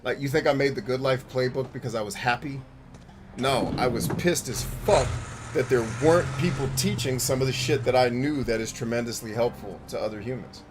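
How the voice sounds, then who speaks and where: A man hosting a gaming show, talking bluntly and profanely in casual commentary while he plays, with quick jokey asides. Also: mid-range voice, over music. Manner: laughs easily, jokey asides.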